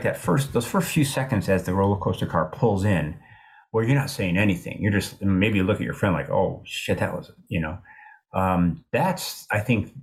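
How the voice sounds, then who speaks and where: An older man in his sixties with a low, deep voice talks through his ideas in an interview. He is thoughtful and halting, circling back and restarting his sentences as he works things out. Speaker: author being interviewed. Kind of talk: reflective interview talk.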